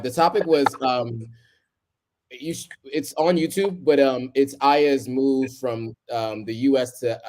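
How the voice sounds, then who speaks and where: A man's voice: mid-range voice, darkish tone. A man in his thirties hosting a live stream, chatting casually with lots of ums and easy laughter. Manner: laid-back, chuckling, many ums.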